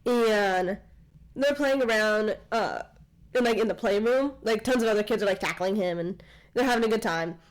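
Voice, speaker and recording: A woman co-hosting a podcast, casually retelling a film's plot with lots of "like" fillers and quick asides. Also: medium pitch, poor audio. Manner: rambling retelling of a film plot, many "like" fillers. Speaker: podcast co-host. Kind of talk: casual chat.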